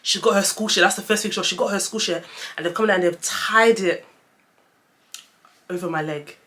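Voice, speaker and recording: Young woman, casual story-time vlogger, animated, talks straight to the audience. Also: mid-range voice, a little fast. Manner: chatty, animated storytelling, addresses viewers as guys.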